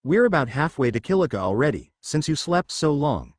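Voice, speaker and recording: A man voicing a gentle, caring young woman in a storybook reading. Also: a little high, sing-song, a little fast, no room sound, studio quality.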